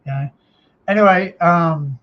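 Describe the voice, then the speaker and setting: A man with an Australian accent telling an emotional personal story on a live stream, halting, with many fillers and restarts. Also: a little high. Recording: dull lo-fi sound.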